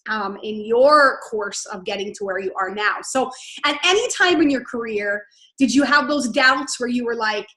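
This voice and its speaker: A woman's voice: a little high, moderate pace, pushed and bright, roomy sound. A woman hosting a podcast interview, asking rambling questions that she keeps rephrasing. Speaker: podcast host.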